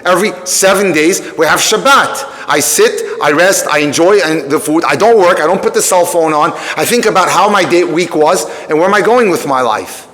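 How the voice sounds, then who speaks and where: A man teaching through a story to a live audience, animated, breaking off to speak to the room. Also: on the high side, moderate pace, hardly any pauses. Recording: long reverb of a hall.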